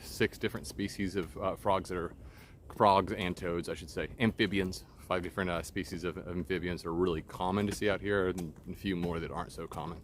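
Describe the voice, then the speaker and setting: A man's voice: low-pitched, fairly even intonation, brisk, a little hiss or hum. A man out of breath on an outdoor trail, talking casually with many fillers. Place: outdoors on a hot park trail.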